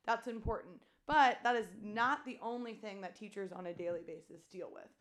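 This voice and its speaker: A woman's voice: mid-range voice, fairly bright tone. Chatty woman teacher co-hosting. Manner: chatty, heavy use of "like", quick asides. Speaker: teacher and podcast co-host. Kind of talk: casual chat.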